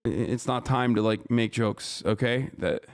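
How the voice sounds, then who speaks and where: A man's voice: medium pitch, unhurried, smooth. A man streaming a reaction to a news story, heated and profane, repeating himself and asking "okay?" often. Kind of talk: livestream reaction commentary.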